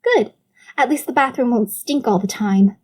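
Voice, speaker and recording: A woman voicing a high, needling teenage sister. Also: lively intonation, a little fast, dark tone. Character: stubborn teenage sister, pleading and sharp-tongued. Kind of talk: audiobook character voice.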